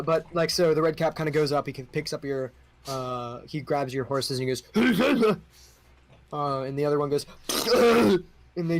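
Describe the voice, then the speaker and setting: A man running a tabletop role-playing game as game master, describing scenes in a loose, improvised way with many fillers. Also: mid-range voice.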